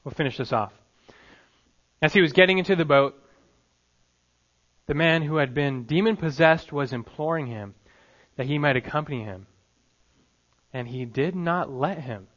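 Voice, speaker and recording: A man preaching a sermon in a conversational, emphatic way, swinging between loud bursts and low, soft asides. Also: normal speed, pauses often, highs cut off. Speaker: pastor.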